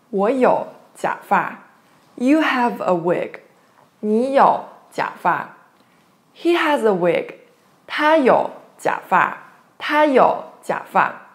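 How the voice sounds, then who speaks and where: Woman, language teacher, slow, patient, repeats words, mid-pitched. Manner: slow, patient, repeats each word twice. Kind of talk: online language lesson.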